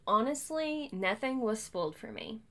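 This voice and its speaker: A woman with a bright, forceful voice co-hosts a casual book podcast. She talks in quick, excited bursts full of "like" fillers. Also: fairly high pitch, vocal fry.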